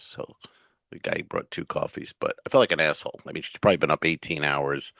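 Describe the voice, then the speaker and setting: A man co-hosting a comedy podcast, telling profane, animated stories in casual chat. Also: deep voice, fast talker, vocal fry, no echo.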